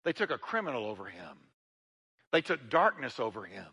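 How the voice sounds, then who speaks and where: A male pastor preaching a sermon to his congregation, swinging between loud emphasis and hushed, intimate passages, often repeating words as he builds. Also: mid-range voice, big pitch swings, fairly quick, breathy edge, long reverb tail. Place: church sanctuary.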